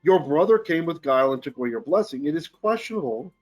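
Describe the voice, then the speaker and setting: A man's voice: fairly high pitch, animated, quick pace, a little mellow, faint music behind. A man teaching a Torah lesson, reading Hebrew verses aloud and then translating and explaining them as he thinks them through. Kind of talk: Bible study lesson.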